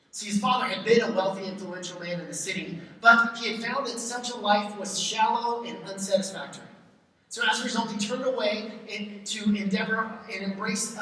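Pastor preaching in an echoey hall. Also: male voice, sits high, sharp tone. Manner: conversational, plays baby talk for a laugh. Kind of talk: sermon. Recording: echoey hall, far from mic.

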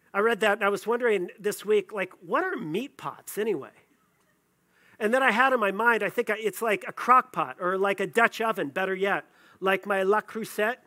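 A man's voice: sits high, normal speed, pushed and bright. A male pastor preaching a sermon, conversational and playful, joking with the congregation between scripture readings.

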